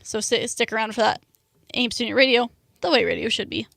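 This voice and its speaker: A woman's voice: a little high, fairly quick, creaky, fairly bright tone, no room sound, clean studio sound. A young adult woman hosting a student radio show, talking casually with lots of fillers like "like" and "um". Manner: chatty, lots of "like" and "um".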